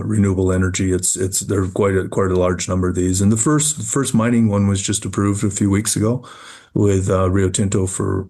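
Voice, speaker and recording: Low, flat-voiced man explaining business. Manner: measured, repeats words while thinking. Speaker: mining company CEO. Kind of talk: business interview answers.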